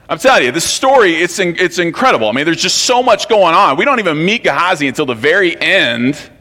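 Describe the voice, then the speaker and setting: A man preaching a sermon in an animated, conversational way, often restarting and repeating phrases. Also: a little high, a little fast, hardly any pauses. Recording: long hall reverb.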